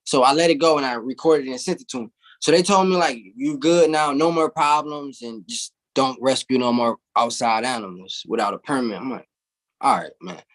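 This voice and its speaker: A man's voice: mid-range voice, a little fast, a bit bright. A young man, a guest in an interview, telling a long story casually and animatedly, swearing freely and laughing as he goes.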